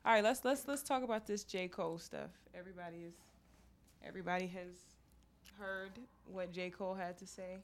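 A woman's voice: on the low side, steady tone, fairly quick. A woman co-hosting a podcast in casual chat, joking bluntly and swearing freely. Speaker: podcast co-host.

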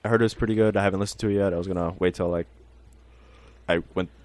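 A man's voice: sits low, steady tone, racing, darkish tone, no room sound. A young man chatting casually on a podcast, rambling, swearing freely and laughing often. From Mexican-American. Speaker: podcast host.

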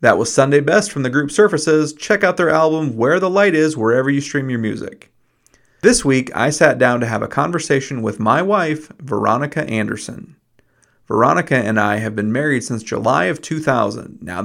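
A man's voice: medium pitch, expressive, moderate pace, creaky, a bit bright. A man hosting a casual podcast chat, playful and self-deprecating, telling stories with teasing humor. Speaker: podcast host.

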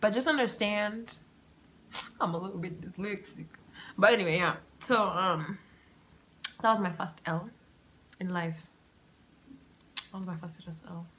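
A young woman, hosting a podcast and telling a personal story in a chatty, animated way with asides and laughter. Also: lowish voice, measured pace, long pauses, a little hiss or hum. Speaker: podcast host. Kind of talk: casual storytelling monologue. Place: home room with open windows.

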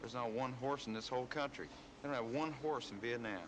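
An actor playing a homesick young soldier who grumbles flatly, heard in a film clip. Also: male voice, medium pitch, quick pace, background noise, lightly acted. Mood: grumbling.

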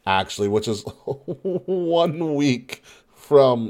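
Chill guy with a lowish voice, cohosting a wrestling podcast, laughs a lot and swears. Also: expressive, normal speed, darkish tone. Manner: laughs often, swears casually, stammers on restarts. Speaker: podcast co-host. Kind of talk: casual wrestling chat.

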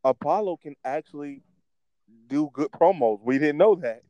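A young man chatting casually about wrestling. His voice is mellow and dark, and it sits dry and close to the mic. He rambles and restarts his sentences in an animated way. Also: fairly high pitch, normal speed, dry recording, lo-fi sound. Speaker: podcast co-host.

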